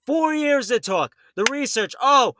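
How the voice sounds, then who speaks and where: A man hosting a late-night talk radio show, telling stories in a fast, heated way and acting out the people in them. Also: very high-pitched, animated, background noise. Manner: fast, heated storytelling with acted quotes.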